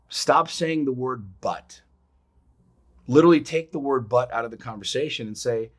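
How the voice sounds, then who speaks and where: A man co-hosts a podcast and talks with his listeners in a casual, motivational way. He is emphatic and swears freely. His voice sits at an ordinary pitch for a man, and he leans hard on key words. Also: normal speed. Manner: emphatic, swears freely, acts out quotes with sudden loud jumps. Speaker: podcast co-host.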